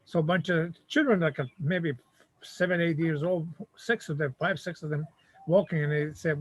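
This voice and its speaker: An older man from Montenegro with a Montenegrin accent, speaking halting non-native English in a casual chat and acting out the voices of the people in his stories. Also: on the high side, steady tone, rough recording. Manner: halting non-native English, acts out quoted voices while telling a story.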